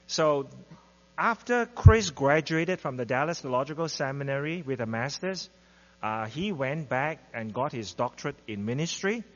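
Hesitant man introducing a speaker at church; reverberant hall, muffled sound, mains hum. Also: mid-range voice. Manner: hesitant, many fillers. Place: church sanctuary.

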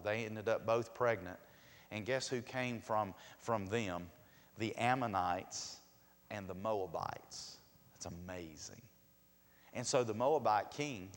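A man preaching a sermon, asking the congregation questions and swinging between loud and soft. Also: fairly low pitch. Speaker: pastor. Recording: long hall reverb.

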